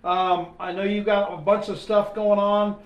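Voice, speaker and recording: A high-voiced man talks bluntly and with salty language about his days on the force. His voice rings out in a roomy, echoing space. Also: flat delivery, normal speed. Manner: blunt and salty, swears casually. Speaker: guest, retired police sergeant. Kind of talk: casual chat. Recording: echoey room.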